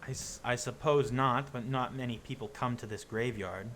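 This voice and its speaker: A pushy, impatient cult leader, as a game master voices him in a tabletop role-play. The voice is bright and forward, the delivery curt and a little halting. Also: male voice, medium pitch, a little hiss or hum, lightly acted.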